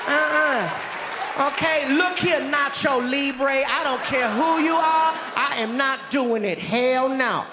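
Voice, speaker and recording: Comedian putting on a fed-up woman worker, shrill, yelling, sassy, live hall with loud crowd. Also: takes it slowly, very noisy. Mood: outraged. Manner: shouting, indignant, sassy.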